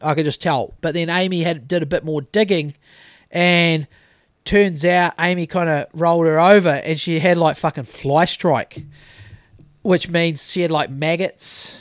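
A podcast host in his thirties with a New Zealand accent tells a rambling story in a casual chat, swearing freely. His voice is a little high, steady and unhurried, in a clean studio recording with no echo.

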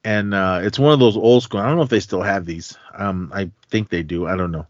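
A man's voice: fairly low pitch, brisk, dry recording, lo-fi sound. A man hosting a podcast, casually retelling a movie's plot in a rambling style full of fillers. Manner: rambling, filler-heavy storytelling. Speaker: podcast host.

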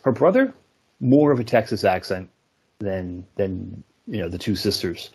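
A man's voice: lowish voice, very animated, unhurried, a little mellow, breathy edge. A middle-aged man from New York co-hosting a podcast, talking in a rambling way and often hunting for the right word. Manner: rambling, hesitant, searches for words. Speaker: podcast co-host. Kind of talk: casual chat.

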